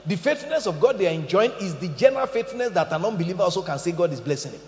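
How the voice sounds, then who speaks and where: Animated preaching man in an echoey hall. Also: sits high, racing. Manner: animated preaching with acted quotes and humor. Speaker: pastor. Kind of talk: sermon. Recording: echoey hall, dull lo-fi sound.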